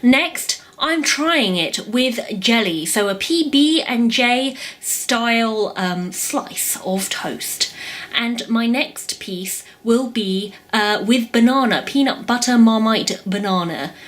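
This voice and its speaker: Brief: young female vlogger with a slightly high voice, chatty and descriptive in a casual taste-test. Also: expressive, slow, a bit bright. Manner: chatty, describes food while eating. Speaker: food vlogger.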